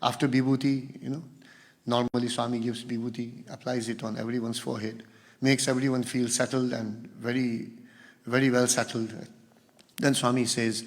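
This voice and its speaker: A man's voice: mid-range voice, little pitch movement, moderate pace. A man giving a spiritual talk as guest speaker, telling stories and acting out the quoted dialogue. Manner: storytelling, acts out quoted dialogue. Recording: long hall reverb.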